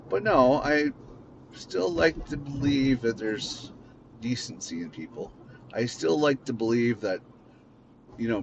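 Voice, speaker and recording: A man's voice: mid-range voice, muffled recording, noisy background. A man hosting a podcast from his car, talking in a blunt, rambling way and swearing freely. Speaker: podcast host. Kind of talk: casual unscripted monologue.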